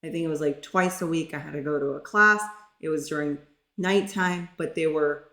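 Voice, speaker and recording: A woman in middle age recounts her own experience in an open, earnest, conversational manner. Her voice sits low, and the sound carries the echo of the room around her. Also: steady tone, normal speed, fairly bright tone. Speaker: pharmacist telling her story. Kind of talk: personal storytelling.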